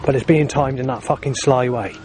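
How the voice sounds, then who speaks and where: A man's voice: mid-range voice, brisk. A man recording a rambling spoken diary outdoors in town, agitated and swearing heavily. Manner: agitated, heavy swearing, bursts of anger. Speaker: vlogger recording his day. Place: outdoors in town, at streets, stations and bus stops. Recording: outdoor street noise and passing vehicles.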